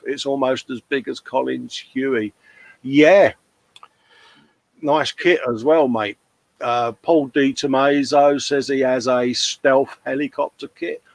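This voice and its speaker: A man's voice: medium pitch, fairly even intonation, takes it slowly, gravelly, dry recording, low-quality recording. A man co-hosting a hobby livestream, casually chatting and reading out viewer comments, calling everyone mate. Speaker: livestream co-host.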